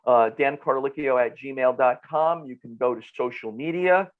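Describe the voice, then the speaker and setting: Animated North Jersey man, dull sound. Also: mid-range voice, moderate pace. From New Jersey. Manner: animated, repeats words as he talks. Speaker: guest nutritionist. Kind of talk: casual podcast interview.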